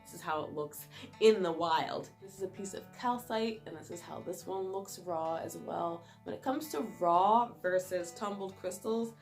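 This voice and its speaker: A woman's voice: lowish voice, moderate pace, a little mellow, soft background music. A young woman vlogger chatting casually as she explains things and holds up stones to the camera. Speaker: crystal vlogger. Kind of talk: casual how-to talk.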